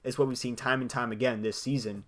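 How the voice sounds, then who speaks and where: A young man hosting a solo sports podcast. He gives blunt opinions in a lively way and laughs between his points. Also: mid-range voice, fast. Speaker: podcast host.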